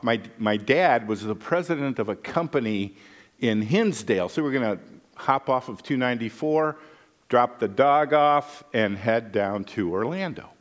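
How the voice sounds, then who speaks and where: A man's voice: lowish voice, a bit bright. A middle-aged male pastor preaching a sermon in a folksy, conversational way, telling stories and checking in with his listeners. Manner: folksy, conversational, with frequent "right?" asides. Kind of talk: sermon with storytelling.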